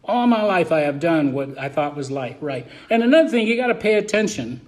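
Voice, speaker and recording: A man with a high-pitched voice preaches a verse-by-verse sermon. He talks in a colloquial, emphatic way, swinging between loud bursts and quiet asides. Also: sing-song, a little fast. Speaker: pastor.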